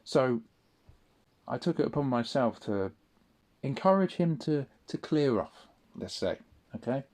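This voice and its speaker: A man's voice: medium pitch, animated, unhurried, long pauses, a little mellow. A man in a casual spoken monologue, rambling and swearing often, with frequent restarts. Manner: rambling, profane, restarts a lot. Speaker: audio diarist.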